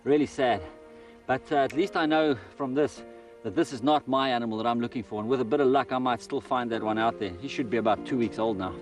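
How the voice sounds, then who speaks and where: A man presenting a wildlife documentary on location outdoors in a desert, chatting lively and coaxing an animal he photographs. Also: mid-range voice, fast talker, soft background music.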